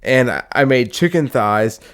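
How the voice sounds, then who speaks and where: A laid-back young man on a casual podcast, cutting in often and swearing freely. His voice is smooth and resonant, at a middle pitch. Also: animated, unhurried, fairly bright tone. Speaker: podcast co-host. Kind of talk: casual chat.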